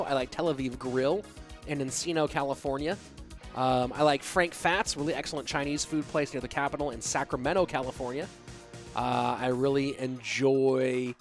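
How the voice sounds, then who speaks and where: A man casting an esports match, excitable on big plays and loose and rambling while he chats with viewers. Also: mid-range voice. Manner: excitable on big plays, rambling and relaxed when reading chat. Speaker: esports caster. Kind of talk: play-by-play commentary with chat banter.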